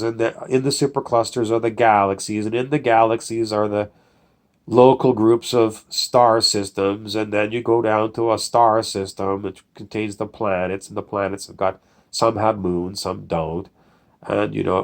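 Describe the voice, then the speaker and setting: A man's voice: fairly low pitch, vocal fry. A man, a producer, talking in a casual, digressive monologue full of fillers and lost threads. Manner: digressive, loses his train of thought, many fillers.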